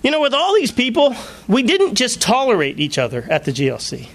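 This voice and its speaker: A male pastor preaching a sermon, telling personal stories in an animated way and laughing often. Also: very high-pitched, brisk. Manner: animated storytelling with frequent laughter.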